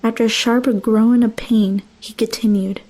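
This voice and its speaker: A young woman telling a first-person horror story, her voice a bit high yet mellow and soft-edged. She narrates with dramatic, emotional intensity, letting the dread build line by line. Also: steady tone, normal speed.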